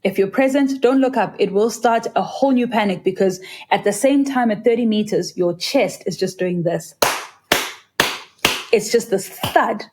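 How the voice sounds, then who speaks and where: A woman's voice: moderate pace, background noise. A South African woman, a freediver, telling her story in an earnest, vivid interview, sometimes acting out the voices of others. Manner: earnest and vivid, acts out quoted voices in a higher pitch. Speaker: freediver, guest.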